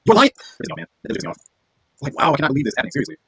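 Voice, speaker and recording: A man giving live commentary on his own game match, swearing often and swinging from low muttering to loud outbursts. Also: animated, rapid-fire. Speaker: gamer and video creator.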